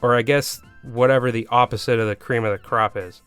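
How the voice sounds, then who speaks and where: A Canadian man with a Canadian accent narrating a comedic movie review, with sarcastic deadpan asides. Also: medium pitch, fairly quick, smooth, soft background music. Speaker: video reviewer host.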